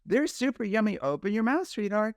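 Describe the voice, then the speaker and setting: A man's voice: sits high, very animated, brisk, no room sound, studio quality, pitched above the performer's own voice. A man voicing a doting parent, using sing-song, repetitive baby talk to coax a baby to eat. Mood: cooing.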